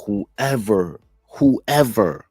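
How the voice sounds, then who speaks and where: A man's voice: fairly low pitch, expressive, very slow, darkish tone, slightly rough. A man co-hosting a podcast, talking casually with emphatic, slangy exclamations. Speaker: podcast co-host. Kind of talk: casual commentary chat.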